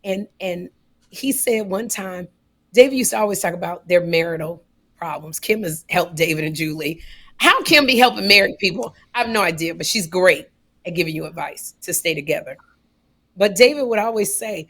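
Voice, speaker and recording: Animated woman telling a funny story. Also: lowish voice, moderate pace. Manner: animated, rising loud on punchlines. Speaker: podcast co-host. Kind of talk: casual comedic storytelling.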